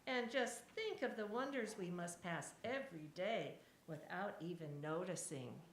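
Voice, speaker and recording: Eight-eyed forest creature read by a woman, marveling, playful, slow lingering delivery, roomy church echo. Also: on the low side, noisy background.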